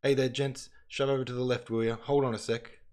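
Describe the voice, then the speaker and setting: A man's voice: medium pitch, little pitch movement, fairly quick, voice pushed up, lightly acted. A man voicing a pushy male convoy wagon driver who barks orders in a storybook reading. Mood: brusque. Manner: brusque, shouting orders.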